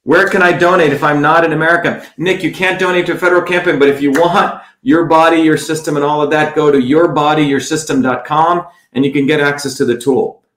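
A man's voice: on the high side, steady tone, a little fast, hardly any pauses. Blunt, combative man in an echoey room. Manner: blunt, scornful, repeats "okay?". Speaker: political candidate livestreaming. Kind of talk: combative campaign livestream, reading viewer comments.

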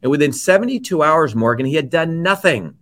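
A man's voice: a little high, expressive, fairly quick. A man as an interview guest, telling his story in a blunt, emphatic way, often checking in with "okay?" and swearing freely. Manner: forceful, checks in with repeated "okay?".

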